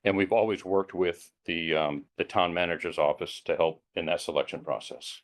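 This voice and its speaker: A man explaining background at a town board meeting, hesitant, with many ums, measured and plain. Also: low-pitched. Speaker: elder affairs board member.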